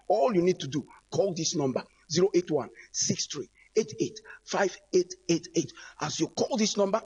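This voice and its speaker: A man preaches over the radio. His voice sits a little high and is husky, and he speaks in fervent, repetitive appeals aimed straight at the listener. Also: darkish tone, highs cut off.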